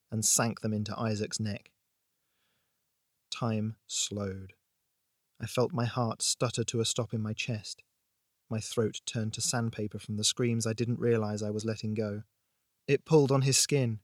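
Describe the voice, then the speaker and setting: A man hosting a fiction podcast, reading a tense horror story aloud in a dramatic, measured way. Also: mid-range voice, no echo, studio quality. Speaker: podcast host and narrator. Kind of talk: scripted audiobook narration.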